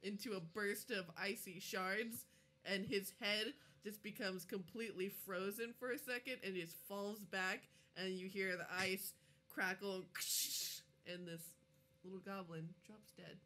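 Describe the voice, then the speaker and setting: A woman's voice: mid-range voice, fairly even intonation, unhurried, sharp tone. A woman narrating as game master of a tabletop game, giggling often.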